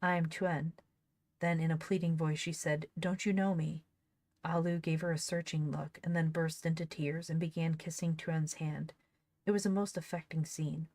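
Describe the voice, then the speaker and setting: With a deep, darkish voice, a woman casually reads an old storybook aloud, pausing here and there to laugh and make asides about it. The recording is dry.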